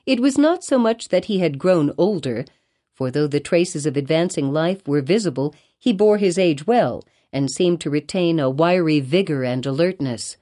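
A woman narrating a classic novel as an audiobook, with a measured, expressive reading. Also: low-pitched. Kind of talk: scripted narration.

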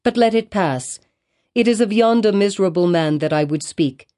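A woman's voice: mid-range voice, expressive, moderate pace, dark tone, natural voice. A woman voicing a grave, sorrowful, resolute woman in a storybook, with a solemn and earnest delivery.

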